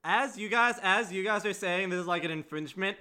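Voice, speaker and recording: A man playing a tabletop game, relaxed and joking as he declares his actions. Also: sits high, brisk, smooth. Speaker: player. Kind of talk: casual tabletop play.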